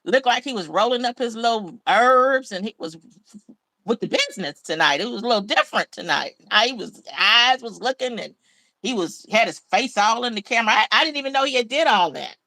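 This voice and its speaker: A woman's voice: fairly high pitch, expressive, a little fast, sharp tone, no echo, poor audio. A middle-aged woman chatting and gossiping on a casual livestream.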